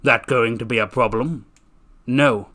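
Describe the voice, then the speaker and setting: A man's voice: medium pitch, measured pace, pushed and bright. A man voicing a proud, guarded woman who answers tersely in a storybook reading. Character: sharp-eyed proud young woman, guarded.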